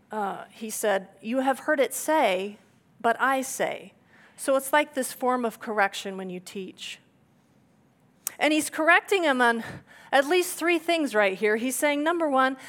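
A woman pastor preaches a sermon in a lively, conversational manner, putting rhetorical questions to the congregation. Her voice is a little high.

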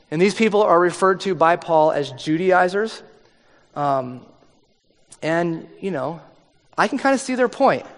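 Joking pastor preaching in a reverberant hall. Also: male voice, high-pitched. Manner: conversational and joking, acts out quoted voices. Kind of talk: sermon. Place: church hall. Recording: long reverb of a large hall.

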